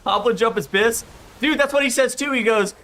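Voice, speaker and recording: A man's voice: very high voice, fairly quick, a bit bright. A man chatting casually on a game stream, rambling, swearing freely and laughing often.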